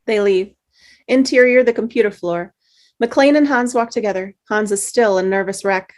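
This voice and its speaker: A woman reading stage directions in an even, matter-of-fact way in a table read over a video call. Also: mid-range voice, normal speed.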